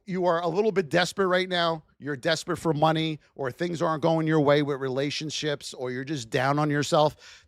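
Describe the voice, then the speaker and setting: A man teaching trading on a livestream in a fired-up, preachy way, often yelling for emphasis. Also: a little high, no room sound, studio quality.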